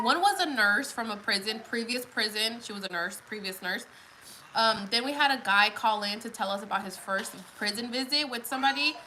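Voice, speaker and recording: A woman's voice: mid-range voice, bright, forceful tone, slight background noise, low-quality recording. A woman livestreaming from her living room, chatting casually and rambling with lots of fillers. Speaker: vlogger doing a livestream. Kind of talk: casual live chat with viewers.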